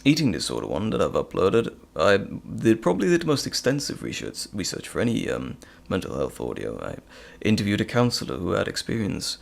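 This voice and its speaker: A man's voice: fairly low pitch, wildly swooping pitch, a little fast, gravelly, hardly any pauses. A man hosting a casual live stream, reading chat questions aloud with frequent ums and hesitations. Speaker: live stream host and audio creator.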